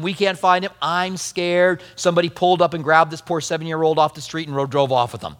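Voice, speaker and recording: A middle-aged male pastor preaching a sermon, telling family stories in a conversational, animated way. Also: on the high side, long reverb tail.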